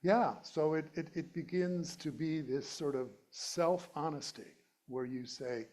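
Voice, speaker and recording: A man's voice: fairly high pitch, unhurried, few pauses, darkish tone. A middle-aged male minister giving a conversational, playful sermon and laughing at his own jokes. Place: church sanctuary.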